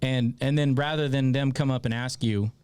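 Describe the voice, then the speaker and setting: A man's voice: mid-range voice, steady tone, darkish tone, clear, resonant tone, no room sound. Irreverent, laughing male podcast host. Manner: irreverent, profane, quick to laugh. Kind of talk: casual interview conversation.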